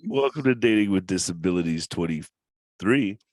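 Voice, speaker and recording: A man's voice: deep voice, lively intonation, moderate pace, dry recording. A man hosting a podcast from home, chatting casually, cracking jokes, swearing freely and laughing often. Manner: joking and profane, laughs often. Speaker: podcast host.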